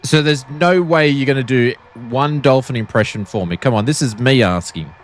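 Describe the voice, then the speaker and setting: A man's voice: medium pitch, normal speed, soft background music. An Australian man chatting casually and joking while he streams a flight simulator. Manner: joking, playfully pleading. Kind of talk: casual live-stream chat.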